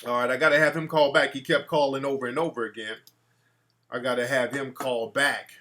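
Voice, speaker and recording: A man's voice: medium pitch, fairly even intonation, a little fast, fairly bright tone. A man hosting a casual call-in show, talking in a brash, profane way and reacting to his live chat. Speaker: talk show host.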